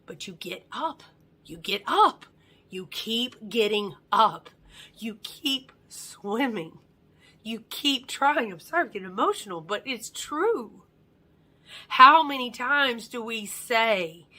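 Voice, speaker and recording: A woman's voice: on the high side, pushed and bright. A woman giving an earnest motivational monologue, often dropping her voice to a near-whisper. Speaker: motivational speaker.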